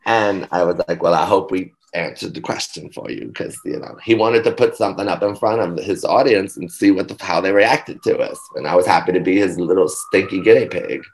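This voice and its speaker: A man telling stories as an interview guest, animated and laughing, with frank, profane asides. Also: low voice, brisk, few pauses. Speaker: guest performer. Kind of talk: casual interview storytelling.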